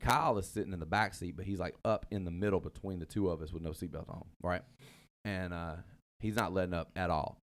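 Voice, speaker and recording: A man's voice: low voice, a little fast. A man hosting a casual chat, telling a long rambling story full of asides and fillers.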